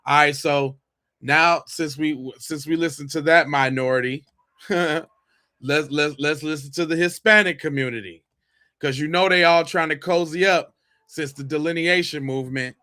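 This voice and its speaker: A man's voice: fairly high pitch, steady tone, moderate pace, pushed and bright, dry recording, studio quality. A man hosting a podcast, reacting to viewer clips with slangy, mocking banter. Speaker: podcast host.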